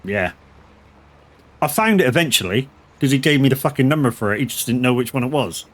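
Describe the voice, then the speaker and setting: Middle-aged male streamer, mid-pitched voice, rambling anecdotes, swears freely. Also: expressive, brisk. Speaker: gaming streamer. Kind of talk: casual chat while playing a farming game.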